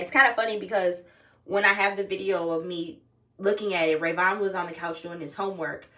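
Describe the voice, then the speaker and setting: Talking to her phone camera at home, a young female vlogger tells a personal story in a fairly low but fairly bright voice. She's casual, candid, and swears freely, and the recording sounds distant.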